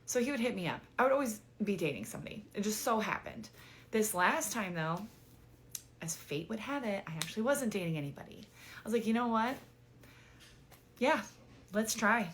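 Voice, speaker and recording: A woman's voice: mid-range voice, expressive, normal speed, long pauses, a little hiss or hum. A woman vlogger telling a dating story in a chatty, exasperated way, full of "like" and casual swearing.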